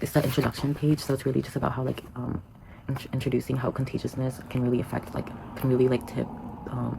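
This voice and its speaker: A student reading passages from a book aloud and commenting on them, in a halting way with many fillers and restarts. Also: mid-range voice, creaky, noisy background. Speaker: student giving a book report.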